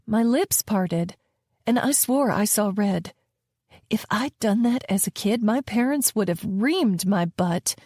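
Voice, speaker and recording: A woman narrating a romance audiobook in the first person, calm and measured. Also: medium pitch, no echo, clean studio sound.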